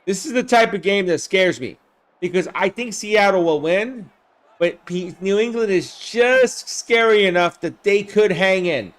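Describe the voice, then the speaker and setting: A man hosting a live game simulation stream, calling plays with excitement, shouting on big plays and chatting with viewers by name. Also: high voice, a little slow. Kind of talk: live play-by-play commentary with chat replies.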